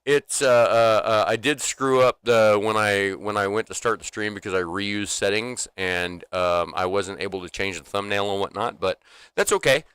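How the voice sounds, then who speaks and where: An adult former military man co-hosts a livestream in casual, unfiltered chat, rambling with plenty of restarts and fillers and swearing freely. His lowish voice moves at a moderate pace, with a fairly bright, clean tone.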